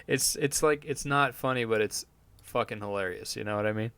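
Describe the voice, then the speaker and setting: A man's voice: mid-range voice, normal speed, few pauses, sharp tone, clean tone, no room sound. A man hosting his own podcast as a live stream, rambling and sardonic, swearing often and restarting his sentences. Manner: meandering, profane, full of fillers and restarts. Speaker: podcast host.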